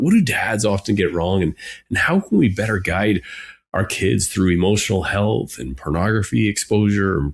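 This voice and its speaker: A man hosting a podcast interview, talking in a halting, affirming way with restarts. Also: lowish voice, gravelly. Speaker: podcast host. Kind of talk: interview host.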